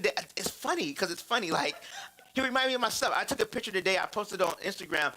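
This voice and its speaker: A man in his thirties preaching about fatherhood through personal stories, animated and laughing, repeating phrases for emphasis. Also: high-pitched, a little fast, slight background noise, poor audio. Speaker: church speaker on fatherhood.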